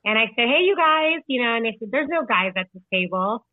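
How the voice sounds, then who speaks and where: A woman's voice: a little high, quick pace, no room sound. Chatty woman over a tinny line. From Illinois. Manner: chatty, laughs often, says "like" a lot. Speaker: podcast guest, author. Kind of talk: casual podcast conversation. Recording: tinny phone-like line, dry.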